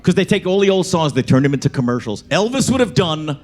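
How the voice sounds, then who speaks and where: A man's voice: on the high side, big pitch swings, fast. A male comedian, chatting with a club crowd and breaking into sung song parodies. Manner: chatty crowd work, breaks into singing over guitar. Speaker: stand-up comedian. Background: guitar.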